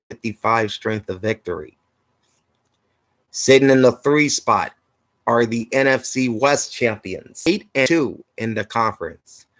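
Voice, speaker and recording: A man's voice: medium pitch, no room sound, poor audio. Man reading sports standings, dry. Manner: steady listing of numbers, slightly tired. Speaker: host.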